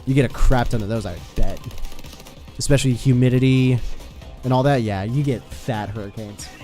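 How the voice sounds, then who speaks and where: A young man from the United States talks casually while he plays a game on stream, loose and chatty, cursing when things go wrong. His voice sits mellow and warm, at an ordinary middle pitch. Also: moderate pace, soft background music. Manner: loose, swears, chats with teammates while playing. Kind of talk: casual gaming stream chat.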